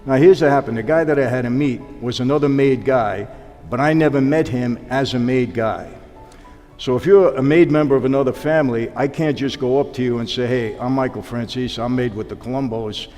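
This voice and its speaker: A man's voice: mid-range voice, fairly quick. A man, a guest telling long stories and acting out the dialogue of the people in them. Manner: animated storyteller acting out quoted dialogue. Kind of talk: storytelling interview. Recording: long hall reverb with background music.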